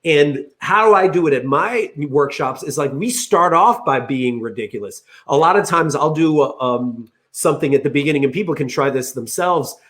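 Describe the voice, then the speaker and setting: A man as a guest on a video call, answering in an energetic, conversational way with lots of "you know" and "like". He acts out other people's voices as he tells stories. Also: medium pitch. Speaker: guest speaker on play at work.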